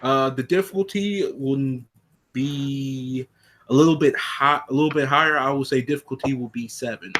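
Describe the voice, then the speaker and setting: Laid-back male game master, slangy narration, mid-pitched. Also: normal speed, fairly bright tone, a little hiss or hum.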